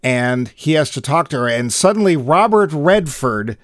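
On a casual movie review chat, a podcast co-host talks about a film with an animated, wry manner. His voice is a little high and moves at normal speed, captured in clean studio sound with no room echo.

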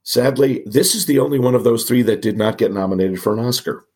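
A man with a cold and a raspy, gravelly voice, co-hosting a casual podcast with wry, self-mocking asides. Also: mid-range voice, brisk, darkish tone. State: has a cold. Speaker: podcast co-host.

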